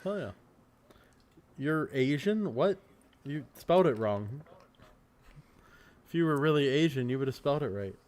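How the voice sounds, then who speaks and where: A man's voice: medium pitch, animated, a little slow, pauses often, darkish tone. A man hosting a casual online panel chat, jokey and teasing, laughing often.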